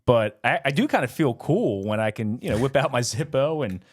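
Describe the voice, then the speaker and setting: A man's voice: medium pitch, animated, brisk. A young man co-hosting a casual podcast, rambling with many fillers and laughs. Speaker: podcast co-host.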